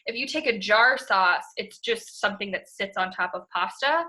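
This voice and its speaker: A woman's voice: medium pitch, animated, normal speed, bright, forceful tone. A young woman chatting enthusiastically as a podcast co-host, full of fillers and the odd swear word. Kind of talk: casual chat.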